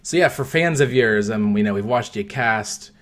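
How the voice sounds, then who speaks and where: A man hosts a relaxed interview with a somewhat low voice. He asks questions in a friendly way and laughs along with his guest. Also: normal speed. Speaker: interview host. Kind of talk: casual interview.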